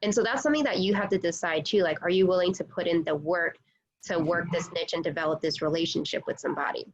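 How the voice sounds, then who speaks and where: A woman's voice: on the low side, fast talker, highs cut off, slight background noise. A woman working as a real estate agent, chatting casually on a video call, full of "like" and "you know".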